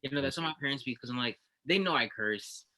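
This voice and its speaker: A young man co-hosting a podcast, telling stories in a rapid, animated way. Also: medium pitch, crowd noise. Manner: rapid, animated storytelling with lots of cursing. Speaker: podcast co-host. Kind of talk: casual podcast chat.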